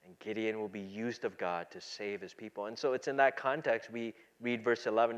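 A pastor preaching a sermon, moving between quiet, low asides and loud, emphatic passages. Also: male voice, fairly even intonation, a little fast, hardly any pauses, clear, resonant tone, lo-fi sound.

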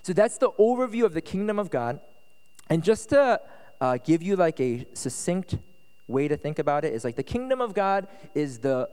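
A man preaching a casual, conversational sermon as pastor at a retreat, relaxed and chatty, often checking that listeners follow. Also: fairly high pitch, a little fast, clean tone. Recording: echoey hall reverb.

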